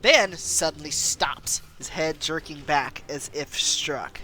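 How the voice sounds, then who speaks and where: A woman streamer reading a story game aloud, expressive and quick to laugh. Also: low voice, faint music behind. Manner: expressive, laughs between lines.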